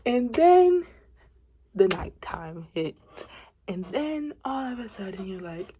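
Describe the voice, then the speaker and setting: A woman's voice: mid-range voice, big pitch swings, takes it slowly, noisy background. A woman of twenty in a casual confiding vlog, rambling and chatty, with asides, self-corrections and dips into a whisper. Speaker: faith vlogger.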